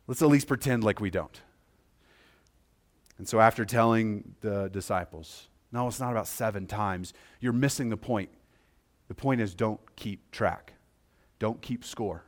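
Preaching as a pastor, this man has a voice on the low side. He talks conversationally and checks in with his listeners, shifting between quiet, slow stretches and louder, quicker ones.

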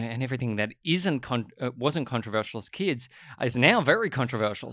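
Thoughtful young writer. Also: male voice, mid-range voice, fairly bright tone, no room sound, studio quality. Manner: thoughtful, hesitant with fillers. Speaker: writer and podcast host. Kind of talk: casual conversation.

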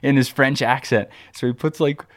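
A man co-hosting a podcast tells a long story in casual conversation, rambling along with plenty of restarts and filler words. His voice sits in the mid-range, and he speaks at a normal speed with fairly even intonation.

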